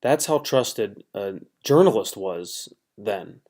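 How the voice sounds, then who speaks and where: Casual, rambling male teacher with a lower voice. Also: expressive, takes it slowly, darkish tone. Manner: casual, rambling, many fillers and restarts. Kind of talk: recorded online lecture.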